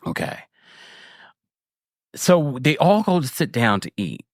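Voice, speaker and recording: Clean, dry studio audio carries a man's mid-range voice as he recaps reality TV on his podcast at a measured pace with long pauses. His manner is casual, frank and big-brotherly, animated with frequent laughter and asides.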